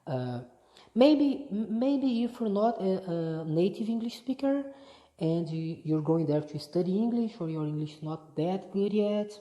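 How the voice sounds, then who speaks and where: A woman's voice: mid-range voice, expressive, measured pace, dark tone, muffled recording. A woman from Brazil, chatting casually in a vlog, easygoing and often restarting her sentences. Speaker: vlogger. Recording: echoey room.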